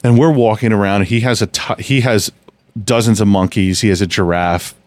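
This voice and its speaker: A man with a very deep voice tells stories on a casual chat podcast. He rambles and often restarts his sentences. The sound is dry and close to the mic. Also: moderate pace, no echo. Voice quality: low, relaxed storytelling with frequent restarts. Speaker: podcast host.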